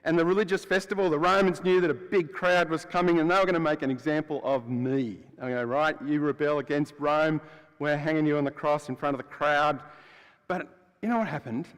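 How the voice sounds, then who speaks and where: In a sermon recorded with long church hall reverb, a man plays the freed prisoner Barabbas, blunt and rough, recounting events in the first person. Chatty and storytelling, he moves between loud and hushed. His fairly high voice, close to everyday speech, keeps a steady tone at a brisk pace.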